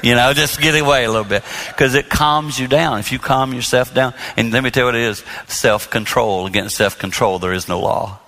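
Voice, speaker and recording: A man giving an earnest, animated sermon-style talk about marriage to an audience. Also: medium pitch, a little fast, hardly any pauses. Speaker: marriage speaker.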